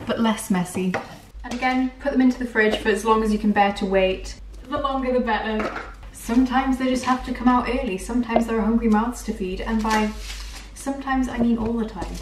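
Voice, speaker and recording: A woman's voice: a little high, reverberant, background noise. A young woman walking through recipes in her home kitchen, chatty and self-mocking. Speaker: cooking vlogger. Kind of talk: casual recipe walkthrough.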